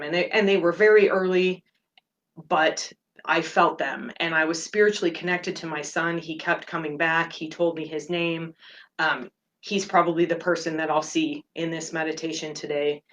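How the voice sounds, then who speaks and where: Woman with a low speaking voice, hosting a meditation show, open and unpolished, pausing often as she shares. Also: fairly even intonation, a bit bright. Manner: earnest and open, speaks in halting phrases with fillers. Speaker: meditation podcast host. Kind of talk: personal reflective talk.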